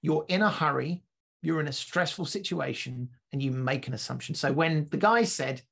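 A man co-hosting a casual podcast, his voice gravelly with a husky edge. He tells stories with energy and often repeats and restarts his words mid-thought. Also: on the high side, normal speed. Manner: animated storyteller, restarts and repeats words while thinking. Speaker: podcast co-host.

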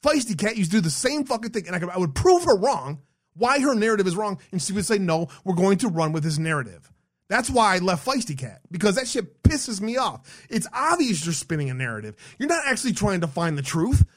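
Fiery, profane man with a high voice. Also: very animated, fairly quick. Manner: profane, blunt, rambling with many restarts. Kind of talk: heated ranting commentary.

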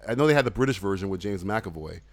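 A man's voice: lowish voice, animated, fast talker, no echo. A man hosting a podcast in casual chat, rambling and laughing often, restarting his sentences.

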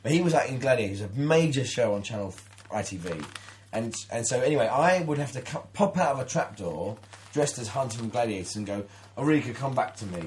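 A man's voice: medium pitch, animated, a little fast, darkish tone, a little hiss or hum. A man in his thirties, co-hosting a casual podcast and telling a long story with many restarts and acted-out quotes. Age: 30s. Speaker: podcast co-host. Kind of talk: casual chat, anecdote.

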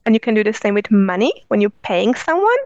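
A woman's voice: mid-range voice, sing-song, fast talker, a little mellow, no room sound, highs cut off. A woman giving earnest, flowing answers as an interview guest who teaches spiritual practice.

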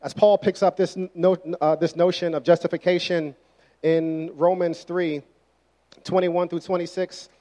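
A man's voice: on the high side, little pitch movement, unhurried, warm tone. Conversational young male preacher. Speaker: pastor. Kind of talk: sermon.

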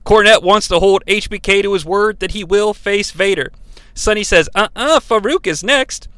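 A man's voice: high-pitched, fairly even intonation, normal speed, a bit bright, clean tone, no room sound. A man hosting a podcast, recapping an old broadcast in a casual way with wry, chuckling asides to his listeners. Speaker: podcast host.

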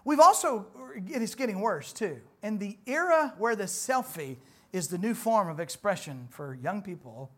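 A man, preaching a sermon in church in a folksy, conversational way that swells louder on emphatic points. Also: high-pitched, animated, normal speed. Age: 40s. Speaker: pastor.

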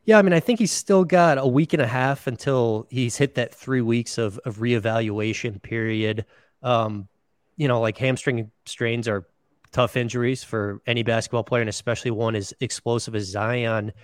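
A man's voice: mid-range voice, fairly even intonation, moderate pace, clean tone, no echo, clean studio sound. A man, a sports beat writer, answering questions in a casual podcast interview, often hedging with "you know, like".

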